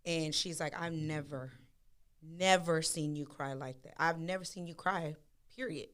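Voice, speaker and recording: A woman chatting casually on a podcast. Her voice sits low and comes across smooth and resonant. She tells personal stories candidly, with plenty of slang. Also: measured pace. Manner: candid, animated storytelling with slang. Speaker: podcast co-host. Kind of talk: casual chat.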